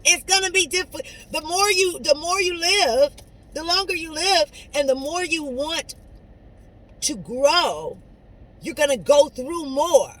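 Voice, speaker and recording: A woman speaks straight to her listeners in an inspirational pep talk. She talks in a preachy, conversational way, dropping into quiet asides and then rising into loud, emphatic lines. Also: sits high, lively intonation, measured pace, a little hiss or hum, low-quality recording. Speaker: motivational speaker. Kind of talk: inspirational monologue to camera.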